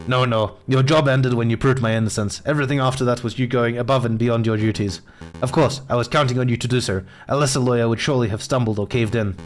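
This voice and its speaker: Man reading as a sly fox private eye, smooth and courteous, mid-pitched, soft music under. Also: steady tone, quick pace, lightly acted. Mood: suave.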